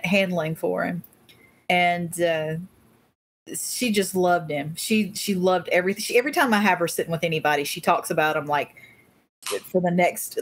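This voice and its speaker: A woman, co-hosting a casual chat and telling rambling stories. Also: fairly low pitch. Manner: rambling, warm storyteller with restarts. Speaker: volunteer coordinator, co-host.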